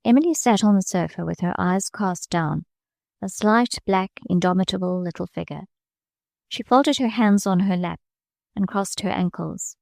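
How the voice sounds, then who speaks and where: A woman narrating a classic novel as an audiobook, reading in a measured way and lifting her voice slightly for the characters' lines. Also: gravelly, darkish tone, no room sound, studio quality. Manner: measured reading, small lifts of pitch for quoted characters.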